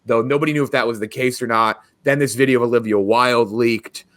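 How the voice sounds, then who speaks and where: A man's voice: medium pitch, fairly quick. A man hosting a movie podcast, chatting casually and animatedly. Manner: animated, restarts and laughs. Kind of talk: casual chat.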